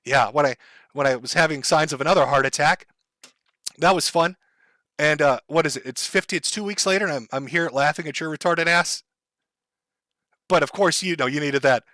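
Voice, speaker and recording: A man's voice: fairly high pitch, pushed and bright, no room sound, clean studio sound. Sarcastic man ranting on a stream. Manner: mocking, sarcastic, drawn-out taunts. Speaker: live streamer. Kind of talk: sarcastic livestream rant.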